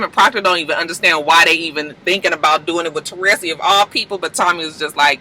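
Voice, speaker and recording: A man casually recapping a TV episode, animated and slangy, acting out the characters' lines. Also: fairly high pitch, fast talker, few pauses, rough recording. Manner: slangy, profane. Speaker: TV recap vlogger.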